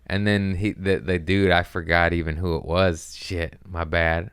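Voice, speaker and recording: A man's voice: sits low, flat delivery, measured pace, a bit bright, smooth, no room sound, studio quality. A man hosting a podcast, rambling through a profane, self-mocking comedic monologue in casual chat. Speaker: podcast host.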